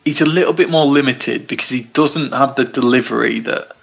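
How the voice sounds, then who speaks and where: Gravelly man in casual film chat. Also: mid-range voice, a little fast. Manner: rambling, enthusiastic, self-interrupting. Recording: dull lo-fi recording.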